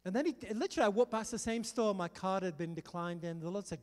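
A middle-aged man preaching a sermon, telling a story with animated energy and rallying his listeners. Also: sits high, quick pace. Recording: long hall reverb.

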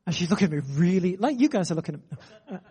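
A man preaching a sermon, telling a story with animated energy. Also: high-pitched, quick pace, husky, long reverb tail. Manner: animated, building excitement in anecdotes.

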